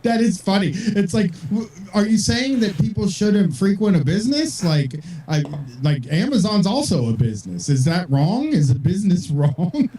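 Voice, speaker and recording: A man's voice: sits high, big pitch swings, normal speed, warm tone, breathy edge. A man co-hosting a casual talk show, reading out points and mocking them sarcastically. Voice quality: sarcastic, reads text and mocks it. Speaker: podcast co-host. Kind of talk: casual chat, reading aloud and commenting.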